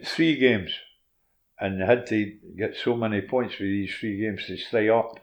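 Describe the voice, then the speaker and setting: A man's voice: on the low side, unhurried. Older Scottish man telling stories. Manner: animated anecdotes, laughs while telling, drops into quoted dialogue. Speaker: former professional footballer. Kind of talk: casual interview storytelling.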